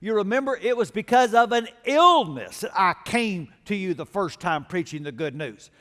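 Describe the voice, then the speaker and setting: High-voiced preacher in a ringing hall. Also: male voice, animated, normal speed, hardly any pauses, a bit bright. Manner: storytelling preacher, building to emphatic exhortation. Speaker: pastor. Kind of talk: sermon. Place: large church auditorium. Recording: long reverb of a large church hall.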